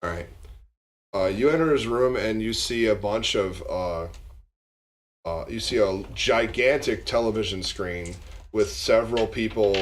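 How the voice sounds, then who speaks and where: Male game master, low voice, halting narration full of fillers. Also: a little hiss or hum. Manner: halting, many fillers and restarts.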